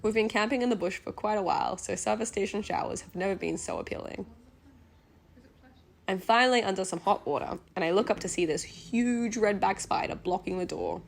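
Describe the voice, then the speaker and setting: Gravelly woman narrating softly. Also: mid-range voice, animated, a little fast. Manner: gentle, earnest diary-like narration. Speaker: travel vlogger narrator. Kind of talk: scripted voice-over narration.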